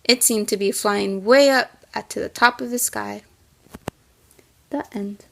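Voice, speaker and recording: Gravelly-voiced teacher woman reading aloud. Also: medium pitch, a little hiss or hum. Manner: gentle, guiding, thinks aloud with pauses. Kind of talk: classroom read-aloud and lesson.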